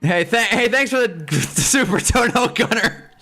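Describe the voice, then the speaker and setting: A man's voice: high voice, expressive, moderate pace, sharp tone, soft background music. Frustrated man streaming live. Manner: swears a lot, frustrated fan reactions. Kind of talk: live game watch-along commentary.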